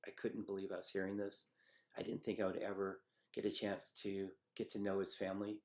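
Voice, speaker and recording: A middle-aged man telling a personal memory in a halting, reflective way, with many pauses and fillers. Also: deep voice, little pitch movement. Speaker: storyteller recounting a personal memory. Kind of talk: personal testimony.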